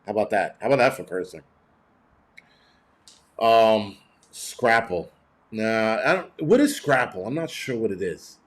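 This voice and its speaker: A man's voice: fairly low pitch, expressive, measured pace, pauses often. A middle-aged man hosting a livestream, reading chat and ranting bluntly with heavy cursing in a cranky, rambling way.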